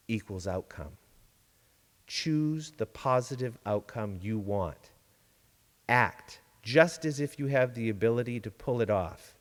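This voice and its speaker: A man giving a sermon-style reflection from a church pulpit, measured and deliberate, with dramatic pauses. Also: medium pitch, in a large hall. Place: large church sanctuary.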